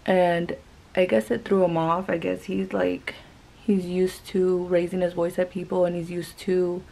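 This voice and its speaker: A woman's voice: on the low side, level tone, measured pace, creaky, warm tone, poor audio. A young woman vlogger telling a story casually while doing her makeup, rambling with lots of filler words. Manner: chatty, rambling, many "like" fillers. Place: home.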